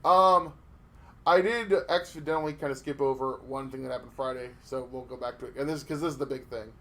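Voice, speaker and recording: A man co-hosting a casual podcast, telling stories in an animated way with lots of swearing and restarts. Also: medium pitch, a little fast. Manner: animated storytelling with profanity and restarts. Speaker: podcast co-host.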